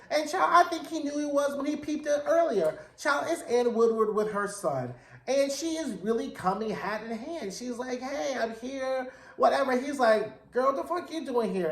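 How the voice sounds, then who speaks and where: A man with a high-sitting voice in a reverberant space recaps a TV episode casually and in slang. He tells it with sass and drama.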